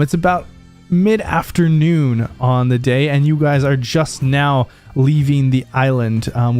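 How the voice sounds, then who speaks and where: A man running a tabletop game sets the scene at an easy, unhurried pace. He often pauses on "um" as he talks. Faint music sits behind him. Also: medium pitch. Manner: relaxed, with many ums. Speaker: game master.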